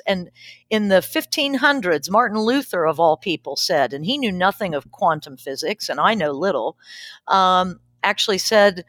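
A woman's voice: medium pitch, a bit bright, no echo, studio quality. A woman pastor and podcast guest, speaking in an emphatic, reflective way and laughing easily. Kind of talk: casual conversational interview.

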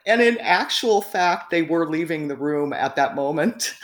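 Guest woman with a deep voice, rambling and chatty, recorded in an echoey room. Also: slow. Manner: rambling, frequent fillers and laughs. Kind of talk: casual storytelling in conversation.

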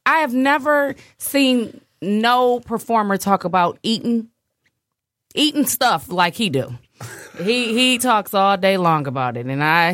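A woman's voice: on the low side, no echo, clean studio sound. Gushing woman in casual talk. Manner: animated, gushing, colloquial. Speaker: podcast co-host. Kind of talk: casual chat.

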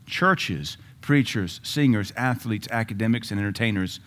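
Lower-voiced male pastor preaching. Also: animated, a little slow, fairly bright tone. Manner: conversational preaching with sudden emphatic rises and asides. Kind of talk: sermon.

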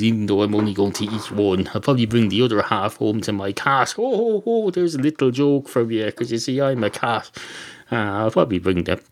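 A man's voice: mid-range voice, lightly acted. A man voicing a fussy, sarcastic male cat customer who rambles and swears indignantly. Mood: grumbling.

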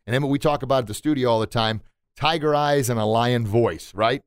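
A man who runs a martial arts school, hosting a motivational podcast with an animated manner, acting out voices and laughing at himself. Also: mid-range voice, a little fast, clean tone, dry recording, studio quality. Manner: animated, acts out quotes and sounds, laughs at himself.

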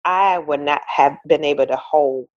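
A woman in her forties, a podcast guest, telling a personal story in a lively way and acting out the voices of the people in it. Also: low-pitched, moderate pace, dry recording, lo-fi sound. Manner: animated storyteller, acts out quoted voices, laughs often. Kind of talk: casual interview storytelling.

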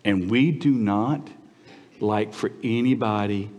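A man preaching a sermon as pastor, in a conversational, animated way that swings from lively asides to quiet, earnest passages. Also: on the low side, slow, long reverb tail, highs cut off. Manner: animated, conversational preaching with sudden drops to quiet, intimate tones.

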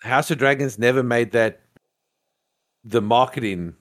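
A man chatting casually on a podcast, mid-pitched and animated. He piles on fillers and restarts as he makes his point. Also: a little slow. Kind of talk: casual chat.

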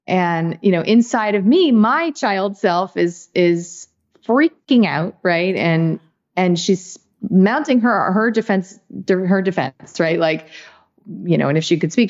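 A woman's voice: fairly low pitch, expressive, slow, darkish tone, highs cut off. A woman speaking as an interview guest, talking in an earnest, reflective way with many "you know"s and "right"s. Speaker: guest, author. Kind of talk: casual interview talk.

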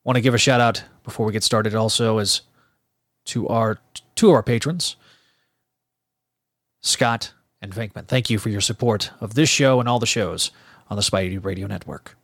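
A man giving a brisk, matter-of-fact announcement that thanks the show's patrons. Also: mid-range voice, fairly bright tone, no room sound, studio quality. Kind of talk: read show announcement.

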